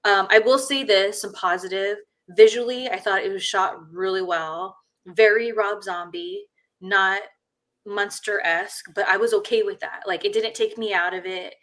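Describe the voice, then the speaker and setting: Woman podcast host, mid-pitched, blunt and rambling, loose casual chat. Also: fairly even intonation, normal speed, fairly bright tone. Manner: blunt, rambling, many fillers.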